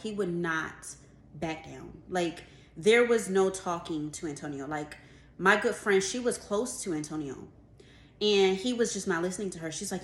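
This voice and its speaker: Animated young woman in a roomy room. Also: lowish voice, normal speed. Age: 20s. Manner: animated, fills with "like", acts out what others said. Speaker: vlogger telling a work story. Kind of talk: casual storytime. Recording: roomy room with faint background noise.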